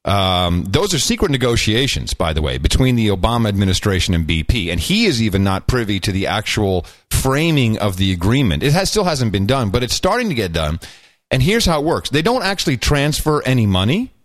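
A man co-hosting a talk show in casual chat, sardonic and animated, his pitch jumping when he gets worked up. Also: brisk, dry recording, clean studio sound. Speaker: podcast co-host.

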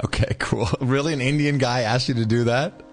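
A man's voice: medium pitch, a little fast, soft background music. A man co-hosting a podcast in loose, joking chat, tired from jet lag. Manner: loose, joking, animated banter with laughs. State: jet lagged. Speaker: podcast co-host. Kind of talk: casual chat. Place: United Kingdom.

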